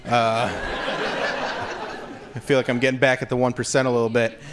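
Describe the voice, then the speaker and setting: A man's voice: mid-range voice, little pitch movement, normal speed. A man doing a stand-up comedy set on stage, telling stories in a wry, conversational way into a handheld mic. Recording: live room with audience noise.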